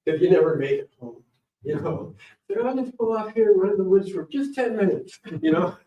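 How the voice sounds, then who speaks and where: A middle-aged man tells a rambling personal story in a library event room, acting out the people in it as he goes. His voice sits high and moves widely. The sound is muffled and echoey, picked up by a mic some distance away. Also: a little fast. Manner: animated, rambling, acts out voices. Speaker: guest speaker.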